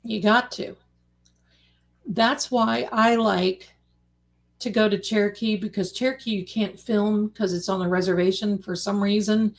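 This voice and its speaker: A chatty woman with a drawl talks through a casual late-night livestream, warmly addressing her viewers as darlings. Her voice sits in an ordinary middle pitch and she talks at an easy, rambling pace over a home streaming mic. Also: steady tone, unhurried. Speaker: livestream host.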